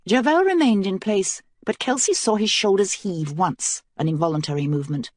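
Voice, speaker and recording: A woman narrating a fantasy audiobook in a measured, steady manner. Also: mid-range voice, dry recording, studio quality.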